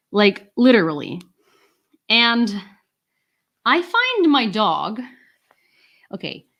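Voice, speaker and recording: A woman's voice: a little high, a bit bright, poor audio. A woman from Ukraine, hosting a casual livestream from home and chatting with many fillers. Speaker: host of a nightly news livestream.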